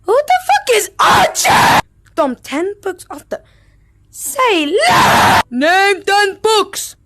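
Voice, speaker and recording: A woman playing a VR game and yelling brash, profane commentary, often breaking into meows. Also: very high-pitched, wildly swooping pitch, takes it slowly. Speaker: VR gamer. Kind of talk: let's-play commentary. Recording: audible background noise.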